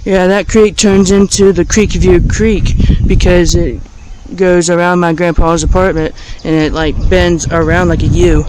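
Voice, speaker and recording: High-voiced man vlogging outdoors. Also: flat delivery, a little slow, few pauses, background noise. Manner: chatty, easily amazed, talks to viewers directly. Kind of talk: casual walking vlog. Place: outdoors by a river bridge in a small town. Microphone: handheld camera.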